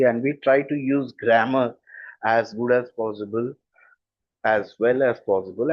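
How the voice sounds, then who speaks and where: A man's voice: mid-range voice, dry recording, highs cut off. A man with a standard Indian English accent, a communication skills coach explaining his views earnestly and stressing points by repeating them. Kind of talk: explanatory talk.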